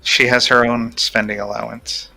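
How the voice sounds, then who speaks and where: A man's voice: medium pitch, little pitch movement, normal speed, creaky, pushed and bright, low-quality recording. A man co-hosting a casual live stream, teasing and making dry jokes. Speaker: stream co-host.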